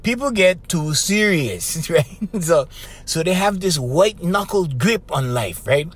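A man's voice: on the high side, animated, measured pace. A man with a Hawaiian Pidgin accent, hosting a podcast as a casual, loose monologue full of "bro" and laughs. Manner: chatty, loose, laughs often, says bro. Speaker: podcast host.

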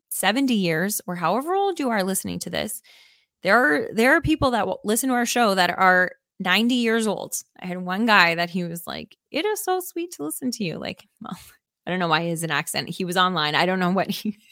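A woman's voice: medium pitch, fairly bright tone, no echo, studio quality. A woman hosting a podcast, talking in an earnest, enthusiastic and rambling way, with many fillers. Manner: enthusiastic, emphatic. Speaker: podcast host. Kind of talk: casual reflective podcast chat.

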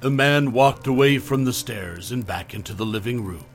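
A male narrator reads a scripted horror story in a soft, hushed voice. His lines often sink low and quiet at their ends, and his pitch sits in a middle range. Faint music plays underneath. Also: normal speed, few pauses.

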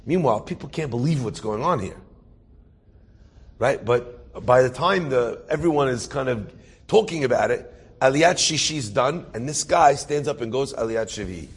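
A man's voice: mid-range voice, expressive, normal speed, slightly rough. A man telling an inspirational story as a sermon, acting out the characters and building to emphatic preaching.

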